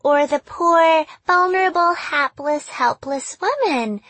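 A woman's voice: very high-pitched, slow pace, fairly bright tone, no room sound, voice pushed up, heavily acted. A woman voicing a teenage girl putting on a cooing, simpering baby doll voice. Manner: cooing, simpering, sing-song.

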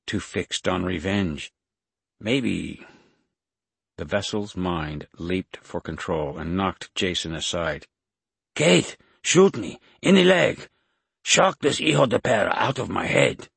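Deep gravelly male narrator. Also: dry recording. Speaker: audiobook narrator. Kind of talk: scripted narration.

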